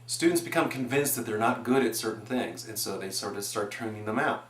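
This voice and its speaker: A man in his forties giving an earnest, animated presentation on education, building his points with examples. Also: lowish voice, brisk. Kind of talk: explanatory presentation. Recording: echoey room.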